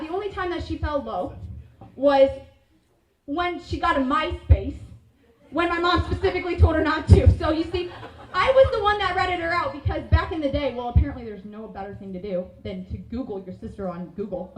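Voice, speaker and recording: A young woman in her twenties giving a maid of honor toast, telling stories with lots of giggling. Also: high-pitched. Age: 20s. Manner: animated storytelling, giggling often. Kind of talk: wedding toast. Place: wedding reception hall. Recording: roomy reception hall, voice from a distance.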